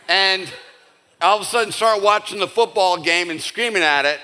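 A male pastor giving a conversational, animated sermon with casual asides to his church. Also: high voice, unhurried, clean tone. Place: church sanctuary.

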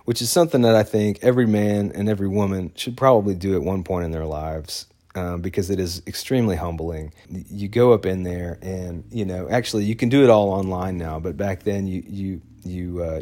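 A man's voice: low voice, dark tone. A man casually telling a personal story, talking loosely with fillers and restarts.

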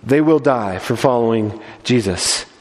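A male pastor preaching a sermon with animated storytelling and many restarts and repeated words. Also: mid-range voice, measured pace, long reverb tail.

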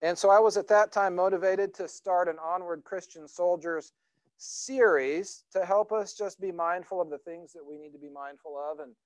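A man's voice: sits high, moderate pace, dry recording. A middle-aged man, a pastor, preaching a sermon in a loose, conversational storytelling way with many fillers and restarts.

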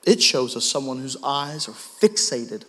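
A man's voice: medium pitch, expressive, a little slow, a bit bright, big-room sound. A man preaching a sermon as pastor, telling stories about himself in a self-deprecating way.

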